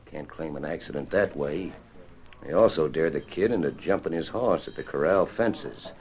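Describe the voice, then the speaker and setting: A shifty, cowardly ranch hand in an old radio western. His voice is very deep and he drawls his lines with a sly, defensive edge. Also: normal speed, darkish tone. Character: shifty, cowardly frontier schemer, adult man.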